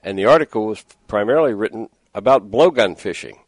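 Male radio host, middle-aged, low voice, dry studio sound, chatty rambler. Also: lively intonation, brisk, no echo. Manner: rambling, exasperated storytelling. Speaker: radio fishing show host. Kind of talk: casual radio talk. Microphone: studio microphone with headphones.

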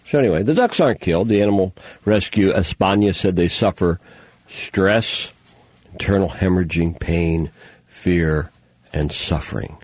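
A man's voice: sits low, moderate pace, darkish tone, no echo. A man hosting a talk show, rambling through news stories with sarcastic, mocking asides. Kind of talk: casual news commentary monologue.

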